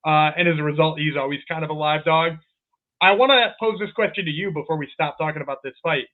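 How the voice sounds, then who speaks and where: A man's voice: a little high, quick pace. A man co-hosting a sports betting podcast, giving rambling analysis with laughs. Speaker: podcast co-host. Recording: tinny phone-like mic.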